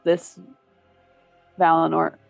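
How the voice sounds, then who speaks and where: A woman's voice: low-pitched, completely flat delivery, slow pace, gravelly, no room sound, faint music behind. A woman co-hosting a podcast in a playful, casual chat, laughing often. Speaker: podcast co-host.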